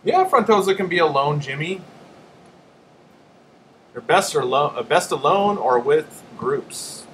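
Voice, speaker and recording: A man's voice: a little high, expressive, measured pace, pauses often, fairly bright tone, slight background noise, low-quality recording. A man hosting a casual live stream, rambling and joking as he answers chat.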